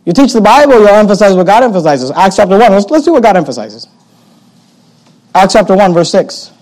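High-voiced, emphatic preaching man. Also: sing-song, fairly quick, poor audio. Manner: emphatic and sarcastic, swinging between loud and hushed. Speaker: pastor. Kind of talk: sermon.

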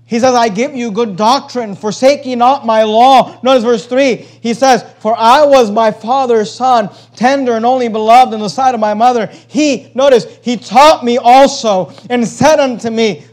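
Pastor guy with a pretty high voice, preaching hard, gets loud then drops real quiet. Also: moderate pace, few pauses. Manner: emphatic preaching that swings between loud and hushed; repeats phrases to drive a point home. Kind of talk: sermon.

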